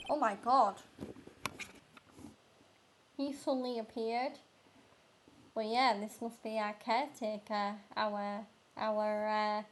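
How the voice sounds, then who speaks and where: Unhurried woman narrating a game. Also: on the high side, low-quality recording. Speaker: gamer streamer. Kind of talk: casual let's-play commentary. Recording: game music behind.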